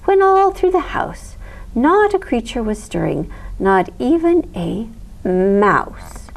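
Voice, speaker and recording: A woman voicing a stern, proper male bear in a picture-book read-aloud, pompous and slow. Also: on the high side, sing-song, gravelly, exaggerated voice. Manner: pompous and declaring, drawn-out words.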